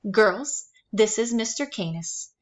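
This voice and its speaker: A woman voicing a doting, affectionate old grandmother who speaks high, slow and gushing. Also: lively intonation, muffled recording. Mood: kindly.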